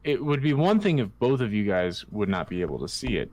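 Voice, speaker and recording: Halting, frustrated dungeon master. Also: male voice, on the low side, very animated, a little mellow, no echo. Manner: halting, restarts sentences while troubleshooting; frustrated with technical problems. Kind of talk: running an online tabletop game.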